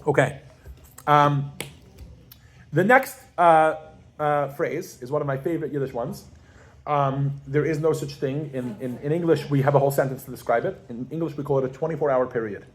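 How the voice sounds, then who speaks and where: A pregnant woman teaching Yiddish to a class, animated and casual, quizzing her students with frequent questions. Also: low-pitched, normal speed. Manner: casual, with fillers and restarts. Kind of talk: classroom language lesson.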